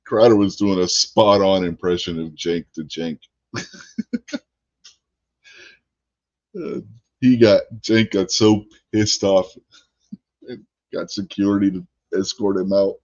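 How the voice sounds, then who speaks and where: Deep-voiced man chuckling through podcast banter. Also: slow, gravelly, pauses often, a little mellow, dry recording, dull audio. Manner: chuckling, anecdotal, addresses viewers. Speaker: podcast co-host. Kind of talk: casual podcast chat.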